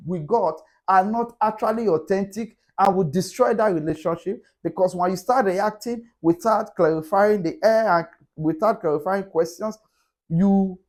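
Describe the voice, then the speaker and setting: A high-pitched, slightly mellow male voice belongs to a middle-aged relationship speaker. He gives a motivational talk, repeating his main points emphatically in the rhythm of a preacher.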